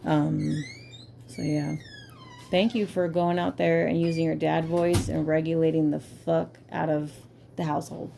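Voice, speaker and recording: Low gravelly woman podcast host. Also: flat delivery, unhurried, warm tone, slight background noise. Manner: candid, profane, filler-heavy. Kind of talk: casual chat.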